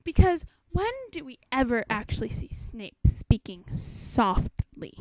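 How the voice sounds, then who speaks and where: A woman's voice: on the high side, big pitch swings, a little slow, darkish tone, a little hiss or hum, rough recording. A young woman chatting about a book she is reading, asking nitpicking questions in a casual, quizzical way. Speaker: book commentator. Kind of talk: casual spoken book commentary.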